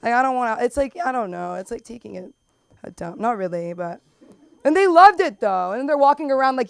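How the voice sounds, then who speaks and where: A young woman from Los Angeles with a Valley girl accent, doing open mic stand-up in a rambling, filler-heavy way that jumps into loud squeals. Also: a little high, animated, fairly quick, gravelly, smooth, no room sound. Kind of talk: stand-up comedy. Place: comedy club.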